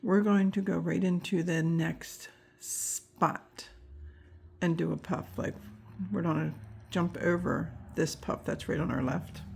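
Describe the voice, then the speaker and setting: A woman's voice: lowish voice, fairly even intonation, slow pace, gravelly, darkish tone, slight background noise. A woman teaching a crochet tutorial step by step, counting stitches aloud with chatty asides, and she has the hiccups. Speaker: crochet instructor.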